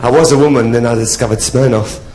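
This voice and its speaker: A man's voice: mid-range voice, steady tone, fast, a crowd in the background. A man working as a drag artist, doing stand-up comedy patter on a theatre stage with a dry, self-mocking delivery. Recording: loud live theatre audience.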